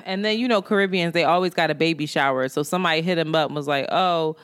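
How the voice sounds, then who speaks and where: Female co-host, casual chat; animated storyteller who laughs and swears. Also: low voice, quick pace, clear, resonant tone. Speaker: podcast co-host. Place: Brooklyn, New York.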